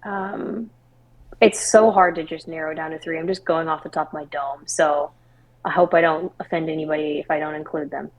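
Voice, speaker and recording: A young adult woman from Washington State, a singer-songwriter guest telling a personal story in a candid, expressive podcast interview. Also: low-pitched, normal speed, rough recording. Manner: candid, expressive storytelling with laughs and quoted dialogue.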